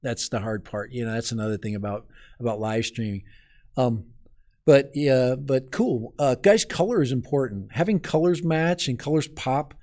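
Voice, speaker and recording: A man's voice: mid-range voice, moderate pace, a little mellow. A man from Minnesota hosting a live stream outdoors in the cold, chatting casually and rambling as he talks straight to his viewers.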